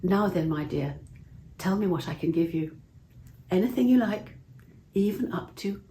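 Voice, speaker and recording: A woman's voice: fairly low pitch, animated, measured pace, dark tone, slight background noise. Woman doing a commanding old king. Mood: fond. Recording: roomy echo.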